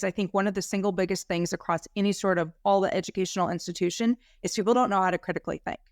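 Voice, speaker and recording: A woman practitioner speaking as an interview guest, excited and fired up, with frequent "like" fillers. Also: fairly low pitch, no room sound, studio quality. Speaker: guest health practitioner and educator. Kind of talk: casual interview talk.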